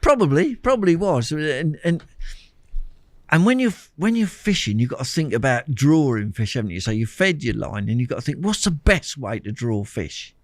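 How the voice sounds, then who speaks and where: Older male guest, animated anecdotal delivery, dry recording. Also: medium pitch, moderate pace, no echo. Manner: animated anecdotal storyteller, repeats words, laughs often. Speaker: guest, champion angler. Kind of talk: storytelling interview chat.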